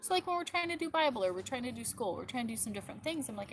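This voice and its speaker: A woman's voice: fairly high pitch, sing-song, rapid-fire, background noise. A woman hosting a casual live stream as a mother, chatting and rambling with lots of filler words, outdoors in her yard. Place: outdoors in a backyard.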